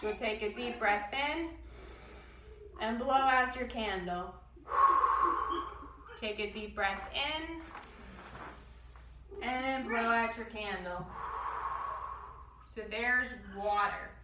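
A woman guiding a children's yoga class, giving gentle step-by-step instructions and demonstrating breath sounds. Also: fairly high pitch, slow, long pauses, reverberant, distant mic, background noise. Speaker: kids yoga teacher.

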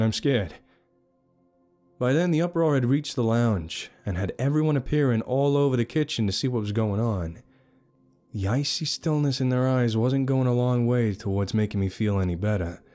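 A man narrating a first-person horror story in a steady, measured way. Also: lowish voice.

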